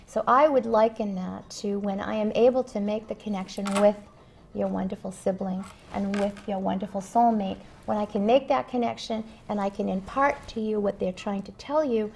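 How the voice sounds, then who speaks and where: A woman working as a spiritual medium who talks earnestly in an interview, telling stories with emphatic pauses. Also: mid-range voice, creaky, a little mellow, slight background noise. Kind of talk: interview conversation.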